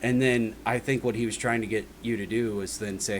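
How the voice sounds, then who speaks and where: A man's voice: fairly low pitch, fairly even intonation, fairly quick, slight background noise. Earnest man rambling through a testimony. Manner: rambling, earnest, full of "like" and "right?". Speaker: vlogger giving a personal testimony. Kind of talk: casual spoken monologue.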